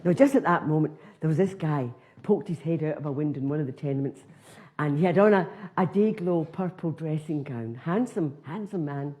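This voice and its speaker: Comic storyteller: a Scottish woman with a low-set voice, broad and earthy, who slips into other characters. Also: animated, a little fast, warm tone. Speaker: comedian.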